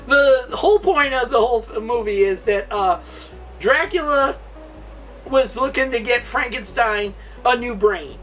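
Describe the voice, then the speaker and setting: A man's voice: extremely high pitch, sharp tone, recorded from a distance. Male review host, loose and giggly, recorded away from the mic with faint background music. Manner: giggly, rambling, often laughs mid-sentence. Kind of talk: casual movie review chat.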